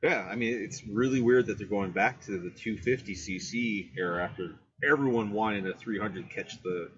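Low-voiced man, casual chat. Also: a crowd in the background. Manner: quick to agree, chimes in with short replies. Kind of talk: casual chat about motorcycles. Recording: muffled sound.

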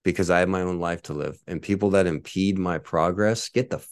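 A man's voice: low-pitched, fairly quick, clear, resonant tone. A man in his forties hosting his own podcast, ranting in a profane, boastful and combative way. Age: 40s. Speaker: podcast host.

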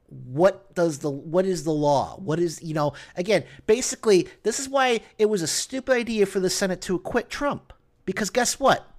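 A man hosting a podcast, arguing earnestly in casual political chat, often restarting his sentences. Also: sits high. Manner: earnest, argumentative, many restarts. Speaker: podcast host.

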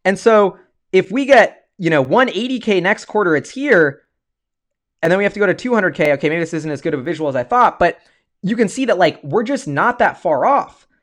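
A man hosting a casual livestream, excitable and rambling, often restarting his sentences as he talks. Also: sits high, fairly quick. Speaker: stock-market video host.

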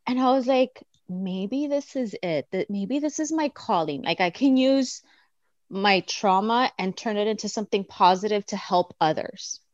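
An earnest woman speaks at a middle pitch, reflective, and she livens up when she acts out what others said. Her voice comes through a video call that sounds dry and dull, with little room around it. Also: moderate pace, no echo. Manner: earnest, reflective storytelling with animated quoted asides. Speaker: participant sharing her story. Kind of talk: casual personal sharing on a video call.

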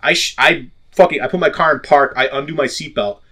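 A young man, a podcast guest, telling a story in casual chat, animated and full of swearing. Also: a little high, brisk.

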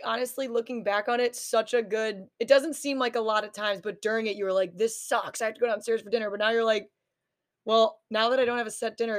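A young woman co-hosting a podcast, relaxed and laughing easily as she reminisces. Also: fairly high pitch. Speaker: podcast co-host. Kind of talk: casual chat.

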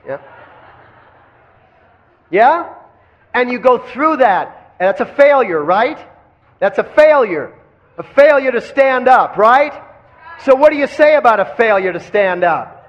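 A man's voice: very high voice, very animated, unhurried, long pauses. A man teaching kundalini yoga in a live lecture, asking the class questions and having them repeat phrases back. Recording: dull lo-fi recording.

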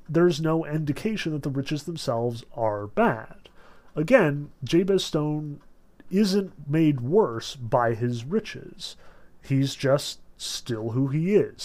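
A man's voice: a little high, darkish tone. A man lecturing on literature in a conversational, analytical way, with many fillers. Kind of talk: recorded lecture.

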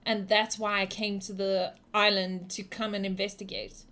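A woman voicing a secretive, earnest female investigator in a tabletop game, speaking low and serious. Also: level tone, moderate pace, sharp tone. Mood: urgent, hushed.

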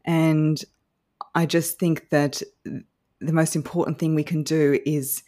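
A woman's voice: low-pitched, little pitch movement, slow, mellow. Bubbly woman, speaking coach. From Australia. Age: young adult. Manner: bubbly and confident, laughs easily. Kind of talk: podcast interview.

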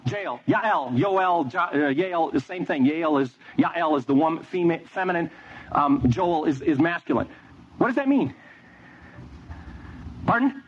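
A man's voice: on the high side, animated, unhurried, pauses often. A man preaching a sermon, telling a story with energy and quizzing the audience. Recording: dull lo-fi with faint noise.

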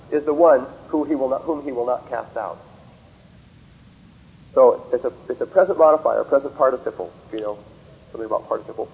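A man teaches through scripture in a careful, methodical lecture, reading verses aloud with stress on key words. His voice sits fairly high for a man. The recording is dull and lo-fi, like an old taped talk. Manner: asks rhetorical checks like "See?" and "Okay?". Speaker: lecturer on theology.

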